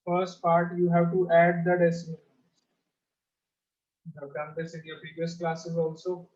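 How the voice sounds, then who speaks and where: A man's voice: fairly high pitch, level tone, moderate pace. A man teaching an online maths class to children, explaining patiently step by step over a video call. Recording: roomy, dull lo-fi call audio.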